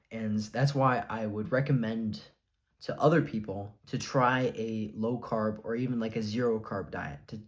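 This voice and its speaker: A young adult man talking casually to camera, rambling with many fillers, earnest and a bit defiant. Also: fairly low pitch. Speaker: vlogger sharing his diet experience.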